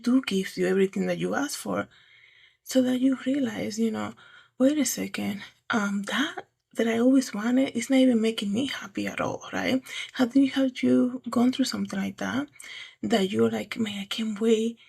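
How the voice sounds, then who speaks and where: A woman talks casually about faith as a host, in a rambling, conversational way. Her voice sits a little high, with a gravelly edge and a husky, breathy texture. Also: normal speed, darkish tone. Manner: chatty, rambling, frequent "right?" and "you know". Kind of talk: casual faith talk to camera.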